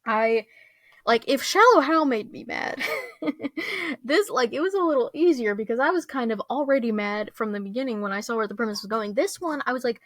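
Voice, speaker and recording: A woman's voice: on the high side, expressive, normal speed, no echo. Rambling young woman ranting about a movie. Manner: rambling, lots of fillers and restarts, laughs often. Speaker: vlogger. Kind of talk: casual movie rant.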